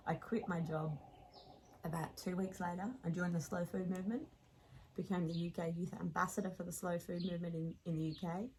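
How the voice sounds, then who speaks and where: A woman in her late thirties with an Australian accent, telling a lively personal story as a podcast guest and laughing along as she talks. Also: on the low side, brisk, slight background noise, rough recording.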